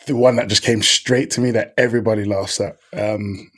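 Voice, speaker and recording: A man guesting on a podcast, a stage actor telling a story in an excitable, laughing, apologetic way. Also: lowish voice, fairly quick, slightly rough. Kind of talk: animated storytelling in a podcast chat.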